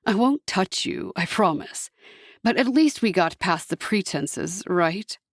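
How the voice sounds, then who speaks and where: A woman voicing a mischievous, earnest young male angel in an audiobook, dropping her voice lower and coaxing. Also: expressive, unhurried, dry recording, studio quality.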